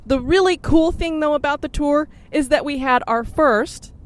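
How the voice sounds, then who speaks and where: Upbeat woman host, a bit higher voice, casual chat recorded in a car. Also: normal speed. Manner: chatty and upbeat, laughs often. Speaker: podcast host. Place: in a car on a road trip. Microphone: sharing one mic with co-host.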